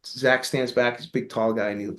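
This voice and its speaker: A middle-aged American man, an interview guest, telling a long story in a relaxed, rambling way, with many fillers and quoted dialogue. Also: medium pitch, fairly quick.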